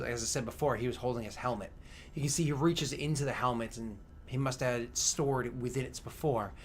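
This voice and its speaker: A man's voice: mid-range voice, a bit bright, a little hiss or hum. Man narrating a tabletop game. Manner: halting, filler-heavy descriptive narration. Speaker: game master.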